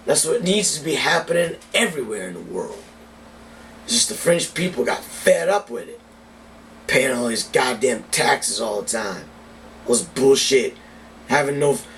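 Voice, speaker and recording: A man in a heated, foul-mouthed rant, talking in a casual vlog at a medium pitch. He sits a little back from the microphone, and a faint hum of noise runs underneath. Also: vocal fry, fairly bright tone. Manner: profane, heated political rant. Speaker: cigar reviewer. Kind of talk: casual ranting vlog monologue. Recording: distant mic with faint background noise.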